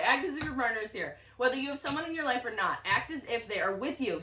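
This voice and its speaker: A woman giving a casual, excitable tarot reading to camera from her home office, often laughing. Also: a little high, quick pace, hardly any pauses, distant mic. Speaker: tarot reader. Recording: roomy echo, voice a bit off-mic.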